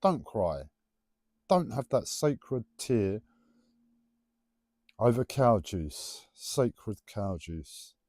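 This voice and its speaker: A man rambling through a casual spiritual musing, his pitch rising and falling a lot as he teases. His voice is mellow and soft-edged, and the recording is dry and close. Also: expressive, very slow, long pauses, no echo. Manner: playful, rambling, teasing. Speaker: livestreamer.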